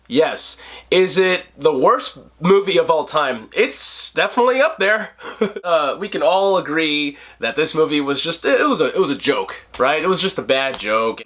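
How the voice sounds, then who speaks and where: A man in his twenties hosting a casual movie review vlog, animated and joking, laughing often. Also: fairly high pitch, normal speed. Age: 20s. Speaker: host.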